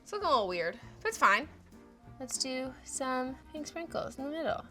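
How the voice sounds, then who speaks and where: A woman's voice: sits high, big pitch swings, moderate pace, pushed and bright, faint music behind. A woman hosting a cooking show, chatting playfully through a casual baking demonstration and filling her speech with fillers.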